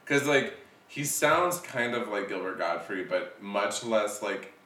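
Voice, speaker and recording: A man's voice: lowish voice, animated, unhurried, sharp tone, roomy sound, far from the mic. A man co-hosting a casual, joking film chat, swearing and laughing often. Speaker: podcast co-host.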